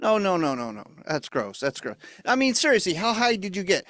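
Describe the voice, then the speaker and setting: A man's voice: high-pitched, big pitch swings, a little fast, a bit bright, dry recording, clean studio sound. A man doing comedy as the flustered straight man beside his puppet on an online show, often stammering and sighing. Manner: flustered straight man, many fillers and sighs. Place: home setup for an online show.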